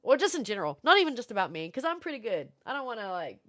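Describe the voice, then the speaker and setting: A woman's voice: fairly high pitch, big pitch swings, very fast, fairly bright tone. A woman streamer in casual livestream chat, rambling along, laughing often and thanking viewers. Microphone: streaming setup with camera.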